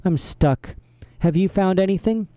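A man's voice: sits high, measured pace, warm tone, no echo, pitched above the performer's own voice. A man voicing a clever, worried teenage girl who speaks in an earnest, glum way.

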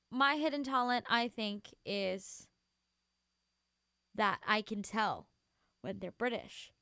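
A woman's voice: a little high, a bit bright, dry recording, studio quality. A young woman hosting a radio show, chatting casually and rambling between songs while sleepy and yawning, gushing with many fillers. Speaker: radio host.

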